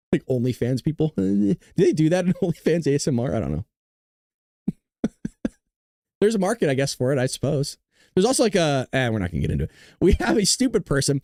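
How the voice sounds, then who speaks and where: A man's voice: fairly high pitch, a little mellow, no room sound. A man from Southern California with a Southern Californian accent hosting a livestream, joking and rambling on a close mic. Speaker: host. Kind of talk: livestream commentary.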